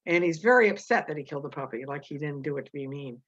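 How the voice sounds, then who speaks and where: A woman teacher explaining a novel chapter and reading passages aloud, halting with many fillers and restarts. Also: deep voice, expressive, husky, muffled recording.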